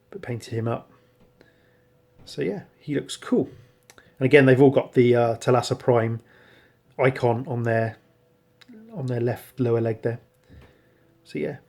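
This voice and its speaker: A man's voice: mid-range voice, darkish tone. A man casually showing off his painted miniatures, rambling with frequent ums and self-corrections. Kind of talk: casual show-and-tell narration.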